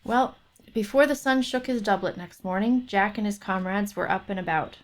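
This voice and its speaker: A woman narrating a fairy tale aloud on a book club stream in a steady storytelling manner. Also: medium pitch, normal speed.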